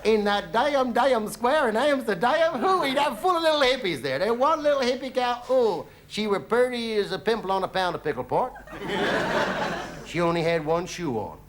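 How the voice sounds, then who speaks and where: A man's voice: very high voice, big pitch swings, moderate pace. A comedian playing a boastful, folksy American traveller with a put-on Southern drawl, whooping "ooh-wee" as he tells tall tales in a 1970s TV stand-up monologue. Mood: cheeky. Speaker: comedian in character. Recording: 1970s TV studio with audience noise.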